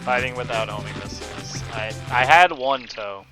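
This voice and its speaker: A man talks casually to his viewers as he plays through a speedrun, chatty and quick to laugh at his own mistakes. His voice sits at an ordinary middle pitch. Loud game music plays behind him the whole time. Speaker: streamer playing a speedrun. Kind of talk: casual live-stream chat while gaming.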